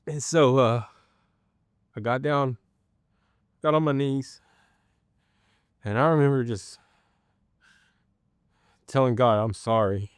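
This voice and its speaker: A man telling his personal faith testimony in an interview, earnest and halting, with many pauses and restarts. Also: medium pitch, clear, resonant tone, no room sound, studio quality. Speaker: guest sharing a personal testimony.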